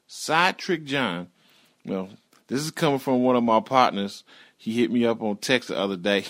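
A man's voice: medium pitch, fairly bright tone. A man hosting a podcast, signing off in a casual, rambling, profane way. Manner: profane, laid-back, rambling. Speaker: podcast host. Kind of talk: casual show sign-off.

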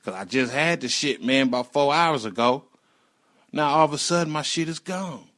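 A man's voice: on the high side, expressive, normal speed, a bit bright. A middle-aged man telling a personal story in a casual, profane and emphatic way.

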